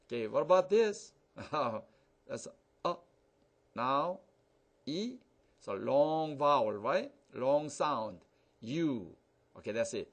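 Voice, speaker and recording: A man teaching an English phonics lesson, repeating each example word slowly and using simple phrasing. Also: mid-range voice, sing-song. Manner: slow, repeats words, drawn-out examples.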